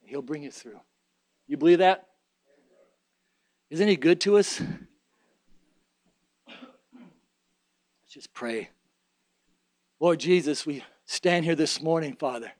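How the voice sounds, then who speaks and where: A man's voice: fairly high pitch, takes it slowly, long pauses, a little mellow, no echo, low-quality recording. A man preaching a sermon and leading an altar prayer, fervent and emphatic, with repeated phrases.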